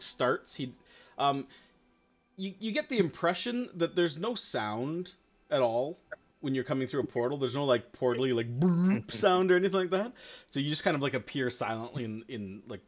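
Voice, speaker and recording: A man's voice: mid-range voice, highs cut off. A man game master narrating a tabletop game in a loose, rambling way, with lots of fillers and laughter.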